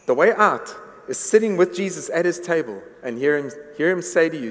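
Man, pastor preaching a sermon, earnest, repeats words, slightly high-pitched, long hall reverb. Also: lively intonation, quick pace, hardly any pauses. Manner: earnest, repeats words when building a point. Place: church hall.

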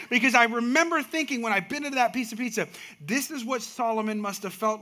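A male pastor delivers a sermon in a high, bright voice. He tells everyday stories and builds them into emphatic outbursts. He sounds middle-aged. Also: a little fast. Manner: storytelling with rising emphatic outbursts.

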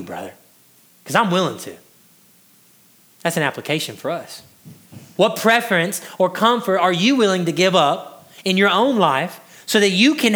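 A man's voice: high voice, sharp tone. A man preaching a sermon in a conversational way, stumbling over restarts and acting out quotes from ordinary people. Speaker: pastor.

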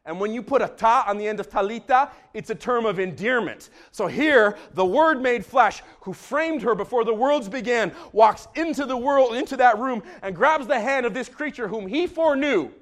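A man preaching a sermon as pastor in a church, swinging from hushed tones to shouting. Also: very high-pitched, lively intonation, normal speed, few pauses. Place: church sanctuary.

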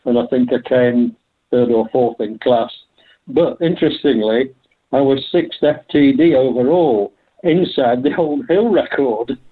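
An older man joins the interview over a tinny, phone-like line. He tells his stories in a chatty, anecdotal way and laughs often. His pitch sits in an ordinary middle range. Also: measured pace, breathy edge. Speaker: guest, veteran hill climb driver. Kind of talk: conversational interview.

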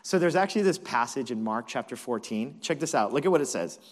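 A man's voice: mid-range voice, lively intonation, fast. A male pastor delivers a sermon in a loose, conversational storytelling manner. His voice sits in an ordinary middle range but moves a lot, rising and falling with emphasis as he walks through the passage.

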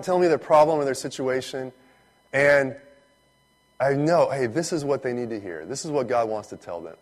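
A man, a pastor, giving a relaxed, conversational sermon that turns animated when he retells stories. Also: mid-range voice.

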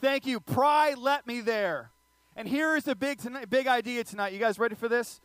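Male pastor, bright high voice, playful sermon storyteller. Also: normal speed, clear, resonant tone, no echo. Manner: animated, joking, audience asides.

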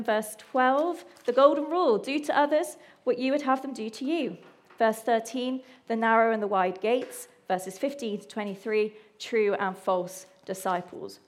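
A woman preaching a lively sermon, chatty and playful, joking with the congregation. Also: on the high side. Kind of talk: lively sermon with audience activity.

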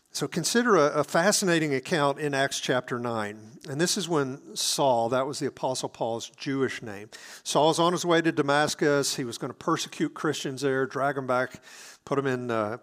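Man, preacher, earnest sermon delivery, mid-pitched voice. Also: fairly bright tone. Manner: earnest, explanatory preaching with frequent restarts.

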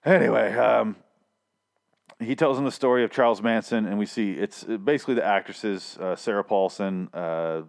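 A man's voice: on the low side, normal speed, vocal fry. A man recapping a TV episode into his own microphone in a rambling, profane, sardonic way. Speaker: show recap host. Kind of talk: casual TV recap monologue.

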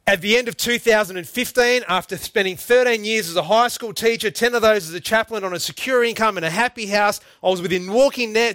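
Earnest man preaching, high-pitched. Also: fairly bright tone, no room sound. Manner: earnest, emphatic, addresses listeners as "folks". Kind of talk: sermon.

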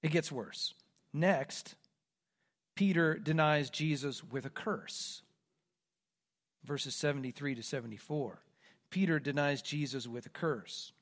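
A male pastor from the Midwest delivers a sermon, walking through a scripture passage verse by verse. He speaks in a fairly high voice and now and then acts out the quoted speakers. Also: slow pace, pauses often. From American Midwest. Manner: expository preaching, dramatizing quoted lines.

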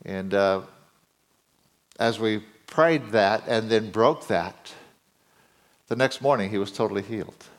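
A middle-aged male preacher giving a sermon, his voice climbing higher and louder as he gets excited. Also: measured pace, long pauses. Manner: voice climbs high and loud when excited.

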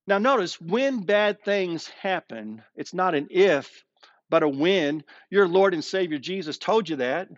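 A male pastor preaching a streamed sermon, slowing down and dropping his voice low to stress key words. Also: no echo, highs cut off. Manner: expressive preaching, slows down and drops low for emphasis. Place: streamed sermon with online chat.

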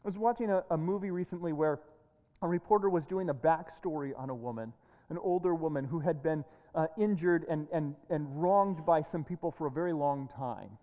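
Brief: earnest woman preacher with a warm, relaxed tone, given to restarts, heard in a reverberant hall. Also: sits low, a little fast, dull audio. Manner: earnest, with frequent word repeats and restarts. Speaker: pastor. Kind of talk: sermon.

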